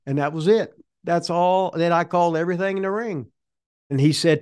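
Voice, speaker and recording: A man's voice: on the high side, fairly quick, a little mellow. An older man with a folksy, rambling way of telling wrestling stories as an interview guest, swearing casually. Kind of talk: rambling shoot interview storytelling.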